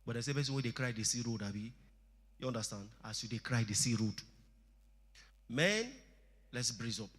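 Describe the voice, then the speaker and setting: Husky Nigerian pastor in his forties. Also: mid-range voice, normal speed, long pauses. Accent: Nigerian English. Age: 40s. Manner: conversational preaching with local slang. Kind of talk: church youth talk.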